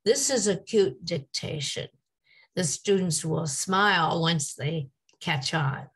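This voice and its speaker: A woman giving a scripted English teaching presentation, modeling word and sentence stress with deliberate emphasis. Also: on the low side, fairly bright tone, breathy edge, rough recording.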